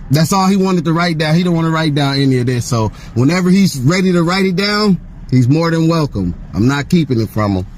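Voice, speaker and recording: A man's voice: fairly high pitch, expressive, a little fast, a little mellow. A man, speaking from his car during a traffic stop. He is firm and confrontational and swears often while recording on a handheld phone. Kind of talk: heated roadside argument. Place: seated in his car at the roadside.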